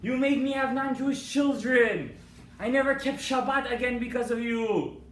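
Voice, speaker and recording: A man's voice: high-pitched, animated, normal speed, a bit bright, pitched above the performer's own voice. A man voicing the tormented soul of a dead man who has possessed a woman, with an accusing, pleading manner. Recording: echoey hall from far off.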